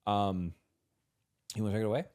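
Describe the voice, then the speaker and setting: A man's voice: on the low side, fairly even intonation, brisk, a little mellow. A man co-hosting a podcast, telling a personal story in an earnest, emotional way with frequent restarts. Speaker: podcast co-host. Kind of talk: casual podcast conversation.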